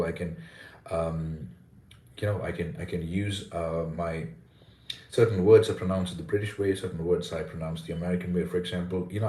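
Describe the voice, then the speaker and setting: A man's voice: low voice, warm tone, echoey room, recorded from a distance. A man with an Indian accent hosting a casual live Q&A on English pronunciation, reading out viewer comments and answering with frequent restarts and repeated words. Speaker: livestream host teaching English pronunciation.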